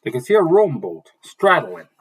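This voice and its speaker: Man, narrator, reading a fantasy novel aloud, husky, animated pitch, halting with restarts. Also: rough recording.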